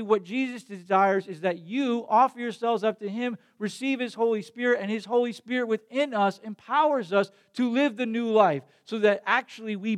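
A young adult man preaching a sermon as a pastor, telling a story in a conversational way that builds to emphatic passion. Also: high-pitched.

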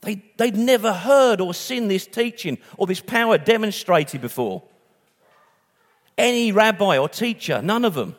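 A man's voice: high-pitched, lively intonation, unhurried, big-room sound. A man preaching a sermon in a conversational way, with restarts and asides.

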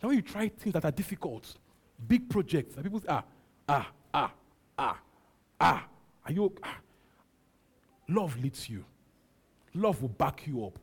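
A Nigerian man preaches in a mellow, slightly husky voice. He repeats short lines again and again and drops in hallelujahs between them. He talks like a pastor speaking straight to his church. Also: on the high side. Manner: repetitive preaching with frequent hallelujahs. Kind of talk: sermon.

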